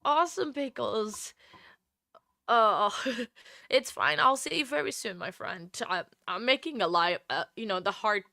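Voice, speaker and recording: Tearful woman streamer, gushing thanks, a touch high-pitched, dry close sound. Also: expressive, a little slow, creaky, pushed and bright, no echo. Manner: gushing, thanking viewers, laughing between phrases. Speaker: livestream host. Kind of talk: casual livestream chat.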